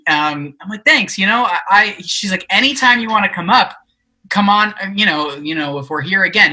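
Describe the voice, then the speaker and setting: A young man with a very bright, forward voice, talking casually as a podcast guest. He tells his stories in an animated way, slipping into the voices of the people he quotes and filling pauses with "like" and "um.". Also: high voice, poor audio. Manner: animated storyteller, acts out quoted voices, many fillers. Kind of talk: casual chat, storytelling.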